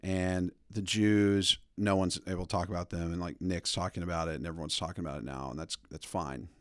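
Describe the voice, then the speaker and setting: Man, podcast host, low voice, rambling animated stories, dry room. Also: fairly quick, dry recording. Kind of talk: casual opinion talk.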